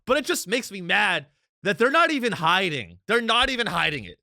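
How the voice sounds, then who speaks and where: A young male podcast host with a bright, fairly high voice, recorded close and dry. He talks in a sarcastic, ranting way and swings into loud outbursts. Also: huge pitch swings, brisk, gravelly, no echo. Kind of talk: comedic political commentary.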